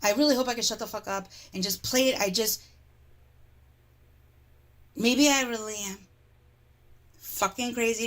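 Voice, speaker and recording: A woman's voice: on the high side, moderate pace, long pauses, fairly bright tone. A woman streamer in an exasperated, heavily profane livestream rant.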